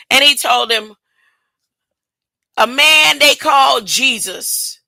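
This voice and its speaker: A woman's voice: high voice, expressive, drawn-out words, creaky, sharp tone, dry recording, poor audio. A woman preaching an informal Bible lesson, acting out characters in casual speech and often laughing. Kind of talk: informal sermon with storytelling.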